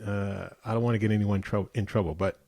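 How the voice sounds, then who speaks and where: Low-voiced man telling stories. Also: fast, vocal fry, dry recording. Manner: relaxed anecdotal storyteller, easy laughter. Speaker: guest musician. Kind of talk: casual interview chat.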